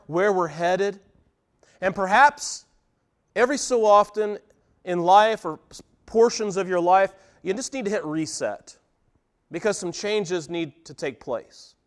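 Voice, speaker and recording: A male pastor giving a conversational sermon to his congregation, asking them reflective questions. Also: a little high. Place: church service before a congregation.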